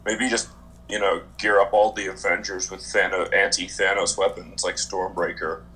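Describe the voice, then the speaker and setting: A man co-hosting a podcast, chatting in a relaxed, laid-back way. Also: sits low, normal speed, poor audio. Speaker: podcast co-host. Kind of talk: casual chat.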